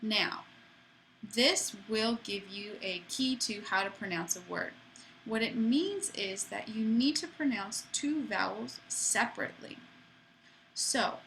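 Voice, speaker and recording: Woman, French teacher, bright voice, chatty classroom explanation, faint hiss behind. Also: mid-range voice, low-quality recording. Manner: chatty, playful asides. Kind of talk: classroom lesson.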